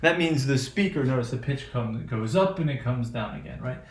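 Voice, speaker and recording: A man's voice: medium pitch, animated, brisk. A man with an American accent teaching a class on intonation, hesitant, with many fillers and frequent "right?" checks. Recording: echoey room.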